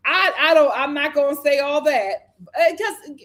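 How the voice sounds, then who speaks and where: High-voiced woman chatting in a live show review. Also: a little slow, a bit bright. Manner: chatty, opinionated, acts out cast members' lines.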